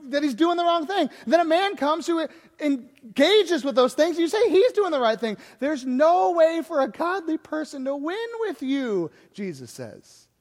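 A man with a very high voice preaches as a pastor, easy and conversational, and he acts out the people in the story as he tells it. His words ring out with a long reverb, as if in a large hall. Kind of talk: sermon.

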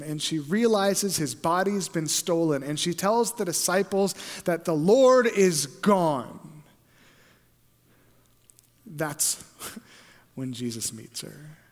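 A man preaching a sermon, moving between hushed storytelling and loud, fervent passages. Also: a little high. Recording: long hall reverb.

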